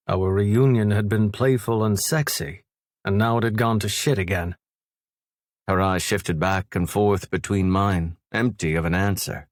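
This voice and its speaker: Deep-voiced male audiobook narrator. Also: steady tone, a little slow, no room sound, clean studio sound. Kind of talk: first-person romance audiobook narration.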